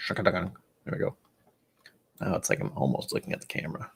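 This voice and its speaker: A man's voice: deep voice, fast, creaky, long pauses, a bit bright, slightly rough. A man hosting a casual livestream, rambling in a self-deprecating way and muttering asides to himself. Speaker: livestream host.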